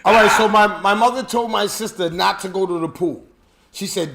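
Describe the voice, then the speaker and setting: A man hosting a podcast, telling family stories in an animated way and acting out relatives in quotes. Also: sits high, moderate pace, creaky, a crowd in the background. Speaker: podcast host. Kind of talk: casual storytelling chat.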